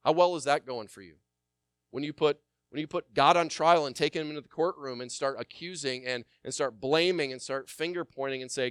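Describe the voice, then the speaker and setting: A male pastor preaching a sermon, repeating key phrases with force and then dropping to quiet, close asides. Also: on the high side, brisk, clear, resonant tone, no room sound. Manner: swings from loud emphatic repetition to quiet intimate asides.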